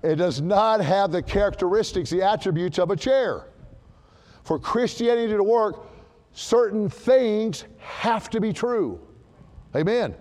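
A man preaching a sermon to a church congregation, emphatic and animated, repeating his key words for stress. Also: high voice, measured pace, big-room sound.

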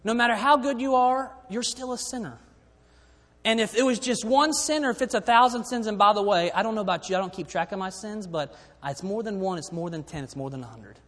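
A man preaching a sermon, often dropping to quiet emphasis and then rising again. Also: high voice, a little fast. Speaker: pastor. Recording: long hall reverb.

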